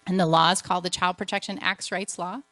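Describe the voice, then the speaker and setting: A woman's voice: lowish voice, steady tone, fast, a bit bright, dry recording. A woman missionary giving an earnest, emotional testimony to a church. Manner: earnest storytelling, emotional at times.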